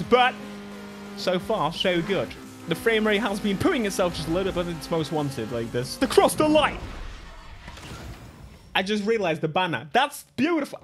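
A young British man giving excitable, joking gameplay commentary with frequent laughter. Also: sits high. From Britain. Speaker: gaming YouTuber. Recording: music from the game behind.

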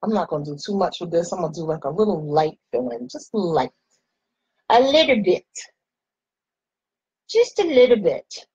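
A woman's voice: lowish voice, sing-song, normal speed, pauses often, a little mellow, husky, muffled recording. A woman in her forties chatting playfully with viewers while she does her makeup. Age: 40s. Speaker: makeup vlogger. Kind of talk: casual chat while doing makeup.

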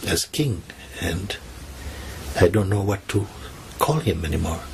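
A man, a spiritual teacher, telling a teaching story softly and acting out the characters' lines. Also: sits low, lively intonation, measured pace, vocal fry, background noise.

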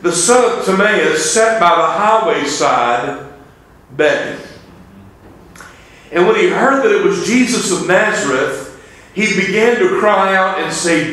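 Guy preaching a revival, kinda high voice, big echo off the church walls. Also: lively intonation, measured pace, fairly bright tone. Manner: fervent preaching with quoted scripture in old-style wording. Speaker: evangelist preacher. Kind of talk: revival sermon. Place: church sanctuary. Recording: echoey church sanctuary.

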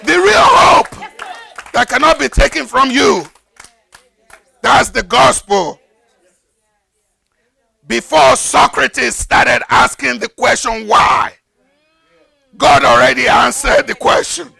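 An older man preaching a fervent sermon as pastor, building to shouted, repeated lines. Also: very high-pitched, takes it slowly, vocal fry, long pauses, slightly rough, dry recording. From Nigeria. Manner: fervent preaching, rises to shouted emphasis and repetition.

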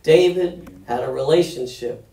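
A man preaching a sermon, reading scripture aloud, getting loud on quoted lines and laughing at his own reading slips. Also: mid-range voice, unhurried, gravelly. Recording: echoey room, mic at a distance.

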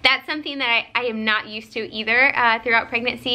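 A young woman vlogger, tired, chatting casually to camera and telling a story in an animated way with lots of fillers. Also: a little high, fast, few pauses.

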